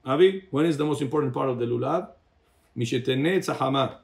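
A man's voice: mid-range voice, quick pace, vocal fry, darkish tone. A rabbi teaching a Torah class to a congregation. He calls on listeners by name, quizzes them, and switches between English and Hebrew phrases.

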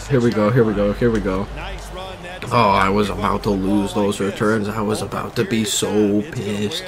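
A young man giving live gaming commentary at home, excitable, swearing and laughing as he plays. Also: fairly low pitch, normal speed. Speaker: gamer. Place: room at his family home. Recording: game crowd noise behind.

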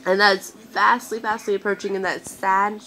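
A woman's voice: medium pitch, level tone, normal speed, sharp tone, low-quality recording. A woman in her twenties rambling to camera as a vlogger, venting with many hesitations and sounding close to tears. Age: 20s. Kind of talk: casual chat to camera.

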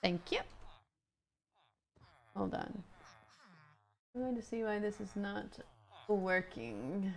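A woman's voice: medium pitch, sing-song, slow pace, gravelly, pauses often. A young woman streaming a game live, chatting playfully with viewers and thanking them for support. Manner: playful, talks to viewers and game characters, reads out donations. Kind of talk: casual live-stream chat while gaming.

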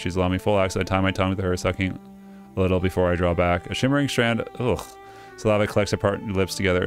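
Low-voiced male let's player, wry and self-interrupting, reading game text with faint music behind. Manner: wry, self-interrupting, stumbles over names. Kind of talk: reading a game script aloud with jokey asides.

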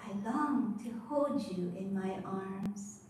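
A woman priest voicing the Buddha's devoted young mother in a slow, lilting recited poem, softly repeating each closing line, heard from a distant mic in an echoey room. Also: mid-range voice, a little hiss or hum, natural voice. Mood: tender. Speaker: Zen priest.

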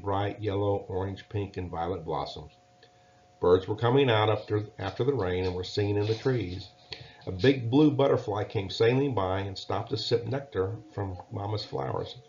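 A man reading a children's storybook aloud in a gentle, measured way. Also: lowish voice. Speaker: narrator. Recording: dull lo-fi recording.

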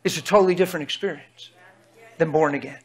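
A man preaching an unscripted sermon in an excitable, colloquial way, bursting with passion, on a clip-on microphone in a church hall. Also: fairly high pitch, fast talker, breathy edge.

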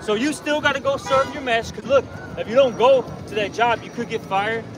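A man street preaching outdoors in a loud, confrontational way, often tagging his points with "okay?". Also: extremely high pitch, a little fast, over music. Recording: distant mic with loud street noise.

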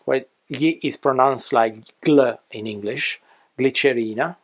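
Male language tutor, husky tone, very slow deliberate delivery, lesson narration. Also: mid-range voice. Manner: slow, careful, spelling out letters and example words. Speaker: language teacher.

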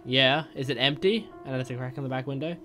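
A man hosting a gaming channel, excitedly reacting as he plays, reading text messages aloud and shouting at the screen. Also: mid-range voice, quick pace, soft background music. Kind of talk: reacting while playing a game.

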